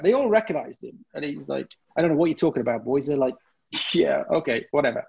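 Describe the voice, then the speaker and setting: A man's voice: fairly high pitch, quick pace, creaky, breathy edge, lo-fi sound. A man from Britain casually telling a profane cruise-crew story, acting out the voices of coworkers. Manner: lively, profane, acts out voices of others. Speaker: storyteller among former cruise ship crew.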